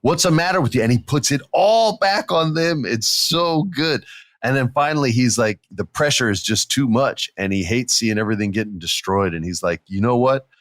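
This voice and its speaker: A man's voice: medium pitch, moderate pace, fairly bright tone, dry recording, clean studio sound. A man co-hosting a casual wrestling podcast, animatedly retelling a show and acting out the wrestlers' lines. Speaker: podcast co-host.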